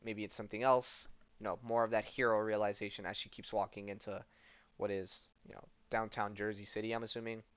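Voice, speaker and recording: A man's voice: fairly low pitch, level tone, brisk, fairly bright tone, clear, resonant tone, no echo, muffled recording. A man hosting a podcast, casually recapping a comic in a rambling, self-correcting way. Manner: rambling, lots of fillers and restarts. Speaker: podcast host.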